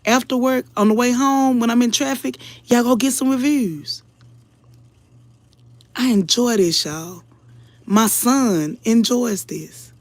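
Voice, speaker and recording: A woman's voice: on the high side, slow, dry recording. A woman commentator talking casually to her viewers, earnest and emotional, preaching a little and calling them y'all again and again. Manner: earnest, preachy, keeps addressing the audience as y'all. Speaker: online commentator.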